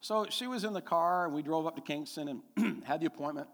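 A man's voice: on the high side, brisk, creaky, long reverb tail. A middle-aged man preaching a sermon as a pastor, telling a personal story and building to emphatic, repeated declarations.

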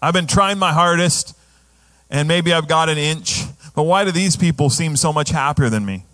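A man's voice: fairly high pitch, moderate pace, a bit bright, natural voice. Man voicing a grumbling overlooked churchgoer. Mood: whiny. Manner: complaining, self-pitying.

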